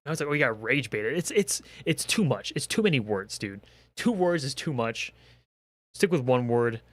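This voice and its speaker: A man's voice: medium pitch, very animated, normal speed, no echo. A young man in a comedic rant, exasperated and profane, firing off rhetorical questions. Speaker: commentary creator.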